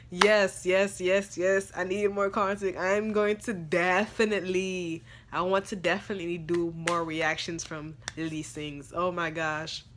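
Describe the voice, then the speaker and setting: Slow, giggly young woman. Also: fairly low pitch, noisy background. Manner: giggly, lots of "like". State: a bit ill. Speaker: reaction YouTuber. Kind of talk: casual chat.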